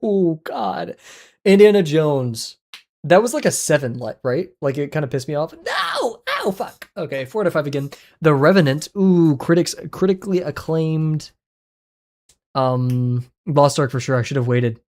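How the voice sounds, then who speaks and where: A man's voice: on the high side, normal speed, a little mellow. A man chatting casually on a livestream while playing web games, reacting aloud with sudden yelps and mumbled asides. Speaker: art livestreamer.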